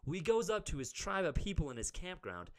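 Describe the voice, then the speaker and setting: A young man co-hosting a podcast, telling a story in a casual, animated way, full of "like" and loud acted-out quotes. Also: fairly high pitch, brisk. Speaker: podcast co-host.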